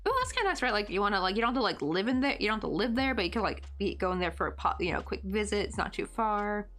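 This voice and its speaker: A woman's voice: mid-range voice, very animated, fast talker, a bit bright. A woman from Tennessee with a light West Tennessee Southern accent, chatting casually and rambling with lots of fillers while she crochets on a livestream. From Tennessee, United States.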